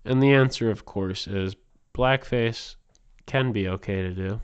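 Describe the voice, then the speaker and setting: Smooth, low-voiced man rambling provocatively. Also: fairly even intonation, unhurried, hardly any pauses, dull audio. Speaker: podcast host. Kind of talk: comedic monologue.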